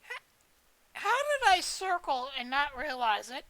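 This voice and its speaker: A woman's voice: sits high, big pitch swings, measured pace, fairly bright tone, dry recording, low-quality recording. A woman streaming a video game, chatting casually in a rambling, joking way with plenty of swearing. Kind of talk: casual live-stream chat while gaming.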